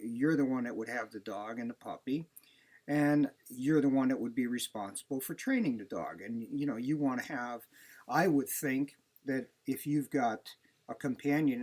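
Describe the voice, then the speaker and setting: A man's voice: medium pitch, a little mellow. A man, a dog breeder, giving plain-spoken, conversational advice in a casual talk.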